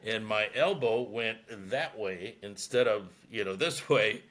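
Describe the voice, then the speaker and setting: A man's voice: on the low side, measured pace, a bit bright. An older man, a veteran radio broadcaster, telling stories in a casual interview and laughing at his own tales.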